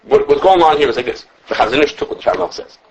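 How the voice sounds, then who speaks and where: A rabbi teaching a halacha class lectures with lively animation, thinking aloud, restarting sentences, and quoting his sources while taking students' questions. His voice is on the high side, creaky and rapid-fire, and the audio is dull with a little hiss or hum.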